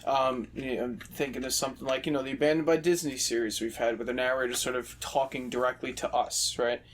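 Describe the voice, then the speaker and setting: A man's voice: medium pitch, steady tone, quick pace, a little hiss or hum. A man in casual podcast chat, joking, teasing and swearing freely. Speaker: podcast co-host.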